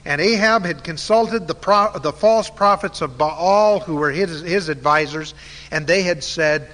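A man's voice: fairly high pitch, unhurried, a bit bright. A man telling a Bible story in a sermon, conversational and full of uh fillers. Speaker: Bible teacher. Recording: long hall reverb.

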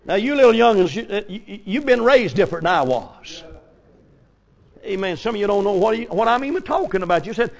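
An older man preaching a folksy revival sermon, telling stories and rising to sudden shouts. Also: high-pitched, animated, a little fast, creaky. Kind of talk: old-fashioned revival sermon.

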